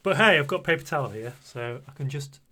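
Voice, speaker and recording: A man's voice: medium pitch, expressive, fairly quick, sharp tone. A British man in his forties, chatting casually and a bit flustered while live streaming. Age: 40s. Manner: chatty and flustered, laughing often.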